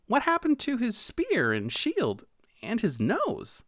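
Reader doing a squeaky excited little girl mouse, bossy and bouncy, storybook voice, dry close sound. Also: takes it slowly, no echo, full character voice. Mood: eager. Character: eager adventurous young female mouse.

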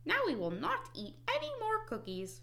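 A woman voicing a cheerful, excitable male frog in a children's storybook, with a high, eager, bouncy delivery. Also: moderate pace, vocal fry, heavily acted.

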